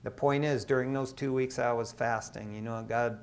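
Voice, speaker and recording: A middle-aged man from Michigan, an associate pastor, preaching a sermon in a casual, storytelling way with lively asides. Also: mid-range voice, fairly quick. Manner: conversational, animated storytelling with asides.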